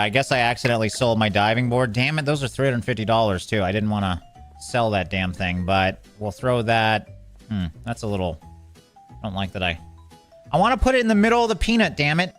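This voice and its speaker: A man's voice: mid-range voice, a bit bright. A man giving casual running commentary while playing a game, chatting to the characters on screen and getting flustered as things go wrong. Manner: talks to game characters, swears mildly, gets flustered. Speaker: gameplay commentator.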